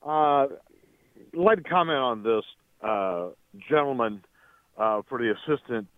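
A male caller from Louisiana comes through a tinny phone line with a dry sound. His pitch sits mid-range. He speaks fervently and stumbles over his words with many uh's. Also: expressive, unhurried, dry recording. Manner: fervent, tongue-tied with fillers. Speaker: radio call-in caller. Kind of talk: call-in comment. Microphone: telephone.

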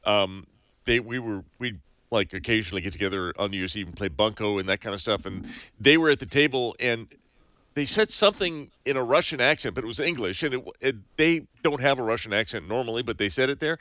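A male radio co-host with a bright, forward voice who tells stories playfully and laughs easily. He speaks at a middle pitch, recorded close and dry in the studio. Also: expressive, fairly quick, dry recording. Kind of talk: casual live studio chat.

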